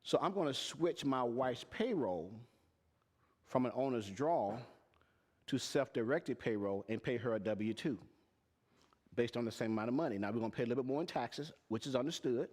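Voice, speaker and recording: A man's voice: medium pitch, moderate pace, a little mellow. A man teaching tax and payroll to a live audience, plain-spoken and emphatic, often asking them questions. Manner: asks the audience repeated questions. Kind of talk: live-streamed teaching talk.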